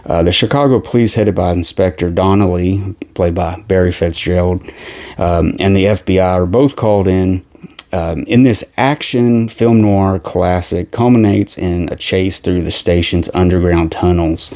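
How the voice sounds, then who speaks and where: A man's voice: deep voice, fairly even intonation, normal speed, warm tone. A man casually reviewing movies from his collection, rambling with lots of fillers and restarts. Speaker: film collection vlogger.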